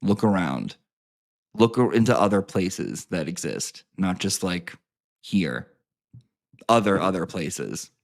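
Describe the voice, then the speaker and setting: A man's voice: sits low, expressive, slow, vocal fry, long pauses. A man ranting to his viewers, sarcastic and full of swearing, repeating lines for emphasis. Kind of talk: profane sarcastic rant to camera.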